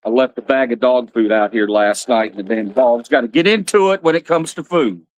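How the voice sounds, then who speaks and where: A man hosting a casual livestream, rambling, blunt and quick to swear. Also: medium pitch, a little hiss or hum. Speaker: livestream host.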